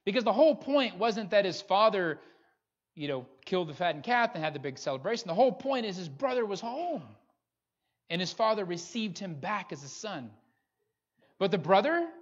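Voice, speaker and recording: A man's voice: high-pitched, sing-song, moderate pace. A man preaching a sermon as pastor, earnest and pressing his listeners with rhetorical questions. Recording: dull lo-fi recording.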